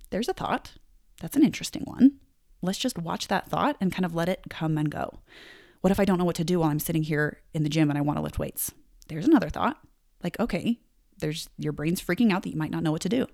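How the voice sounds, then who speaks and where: A woman's voice: on the low side, creaky, darkish tone. A young adult woman giving a conversational self-help talk, reflective and acting out bits of inner dialogue.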